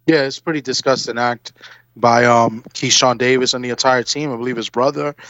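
A man co-hosting on radio, giving fast, indignant commentary. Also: medium pitch, steady tone, a bit bright, no room sound. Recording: dull lo-fi line.

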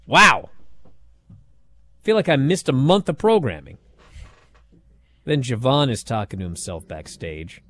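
Animated man recapping wrestling, sarcastic. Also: mid-range voice, measured pace, long pauses, slight background noise. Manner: sarcastic, animated, acts out quotes. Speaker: wrestling show host. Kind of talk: casual recap commentary.

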